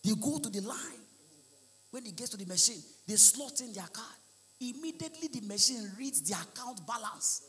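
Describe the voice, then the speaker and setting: A Nigerian man with a Nigerian accent doing live stand-up comedy, shouting his punchlines and slipping into Pidgin. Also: extremely high pitch, expressive, normal speed, long reverb tail. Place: large live comedy venue with audience.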